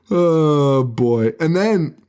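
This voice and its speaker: A man's voice: a little high, sing-song, drawn-out words, dark tone. A man co-hosting a horror movie podcast, in loose casual chat. He laughs a lot, swears freely and mimics characters as he recaps scenes. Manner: laughing often, swearing, mock-quoting characters. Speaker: podcast co-host.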